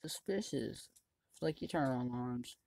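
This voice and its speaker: A gaming channel host giving excitable running commentary while playing, often yelling at other players. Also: mid-range voice, normal speed, vocal fry. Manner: chatty running commentary on the game. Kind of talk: let's-play commentary.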